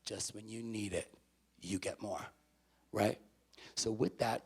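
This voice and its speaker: A gravelly-voiced man works a student crowd as a motivational speaker. He swings from hushed, near-whispered stretches to loud, punchy lines. The talk is live in a university auditorium. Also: lowish voice, fairly even intonation, takes it slowly, long pauses. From the Bronx, New York.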